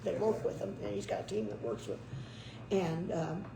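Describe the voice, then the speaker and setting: A woman speaking casually and hesitantly, with frequent pauses and restarts as she recounts a story. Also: low voice, sing-song, reverberant, background noise. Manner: hesitant, many fillers and restarts. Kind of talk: casual conversation.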